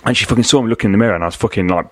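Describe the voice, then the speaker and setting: A man's voice: on the low side, a bit bright, no echo. A British man in his thirties talking candidly as a podcast guest, swearing often and calling the host mate. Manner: very fast, swears often, says mate a lot.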